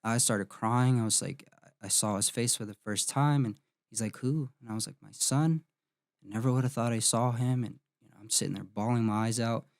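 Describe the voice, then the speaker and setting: A man in his thirties, a podcast host, telling a painful personal story in an emotional, halting way with many restarts. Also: on the low side, dry recording, studio quality.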